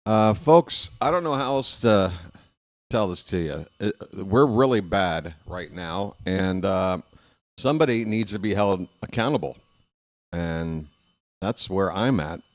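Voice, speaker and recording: A middle-aged man hosting live baseball commentary in a slow, unhurried way. His voice sits low, and his folksy delivery stays dry and downbeat. The sound is close and dry. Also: expressive, dry recording. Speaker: play-by-play host.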